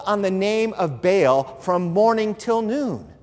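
A man preaching a sermon as a pastor, telling stories with humor and lively emphasis. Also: sits high, slow, few pauses, big-room sound. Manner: animated, humorous storytelling preacher.

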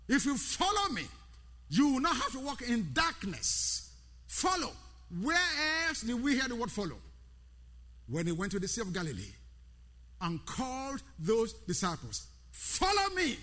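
A man's voice: very high-pitched, wildly swooping pitch, measured pace, sharp tone. A man preaching a sermon, repeating key words with rising emphasis and calling out to his congregation. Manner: calls out to the congregation by name. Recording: long hall reverb.

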